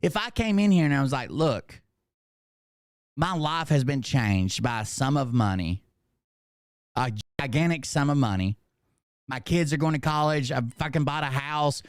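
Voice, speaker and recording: A man's voice: medium pitch, moderate pace, pauses often, clean tone, no room sound, clean studio sound. A middle-aged man giving an unscripted, profane commentary rant and talking straight to his chat. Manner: profane, emphatic, talks to chat directly. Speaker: commentary streamer.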